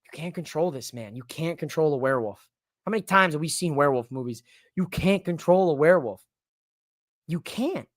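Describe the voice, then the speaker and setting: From a home studio in his living room, a breathless man hosts a solo wrestling livestream, rambling, joking, and hyping up his recap of the night's matches. His high-pitched, slightly bright voice comes through a livestream mic with no echo.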